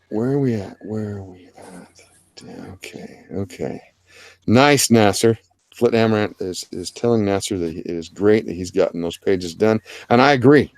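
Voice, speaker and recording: A man's voice: on the low side, a little mellow, no room sound. A man hosting a casual art livestream, rambling and joking about the chat and the artists. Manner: joking, rambling, self-deprecating. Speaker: livestream host.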